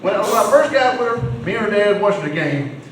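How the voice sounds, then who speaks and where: Middle-aged stand-up, loose folksy delivery, echoey room, noisy background. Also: male voice, high voice, expressive, fairly quick. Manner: rambling, folksy storytelling with restarts. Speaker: stand-up comedian. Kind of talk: amateur stand-up comedy. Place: live comedy venue. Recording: echoey room, distant mic, noisy ambience.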